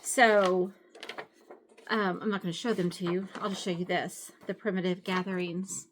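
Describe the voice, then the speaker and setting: A middle-aged woman, a craft vlogger, shows off her craft supplies at home in casual show-and-tell chat. Her voice is on the low side and level, at a moderate pace, with a little hiss or hum. She's chatty and rambling, full of fillers and correcting herself as she goes.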